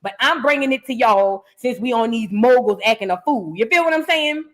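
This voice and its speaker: A woman's voice: a little high, lively intonation, fairly quick, a bit bright. Chatty New woman hosting gossip talk. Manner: chatty, talks straight to viewers. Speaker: host of a celebrity gossip reaction show. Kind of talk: casual commentary.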